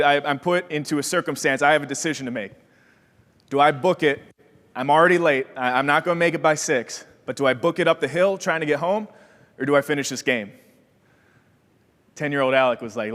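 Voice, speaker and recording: A young man from Wisconsin giving a motivational keynote, telling his story with energy and acting out the voices in it. His voice sits a little higher than most men's. The sound carries a long reverb from a large hall. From Wisconsin, USA. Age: young adult. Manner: energetic storyteller who acts out quoted voices. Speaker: keynote speaker.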